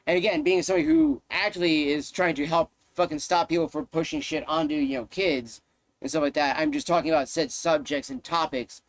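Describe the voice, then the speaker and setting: Man, live streamer, high-pitched, heated rant, swears a lot, repeats himself, dry close sound. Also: expressive, fairly quick, dry recording. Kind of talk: casual ranting to stream chat.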